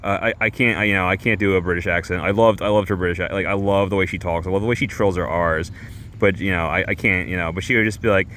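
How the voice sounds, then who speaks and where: A man streamer telling a rambling comic story, halting and full of fillers and restarts. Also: deep voice, fairly even intonation, a bit bright, a little hiss or hum. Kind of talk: rambling comedic monologue.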